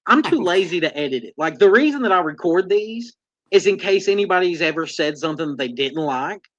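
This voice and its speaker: A man's voice: high voice, expressive, brisk, fairly bright tone. A man hosting a casual chat, laid-back and self-deprecating. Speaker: podcast host. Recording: dull lo-fi audio.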